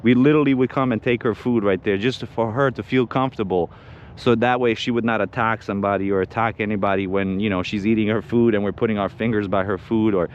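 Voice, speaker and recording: A man's voice: fairly low pitch, steady tone, fast talker, dull audio, a little hiss or hum. A man chatting casually on an outdoor livestream while training his dog, rambling with restarts and giving short firm commands. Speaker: dog owner and co-host. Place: outdoors in a park.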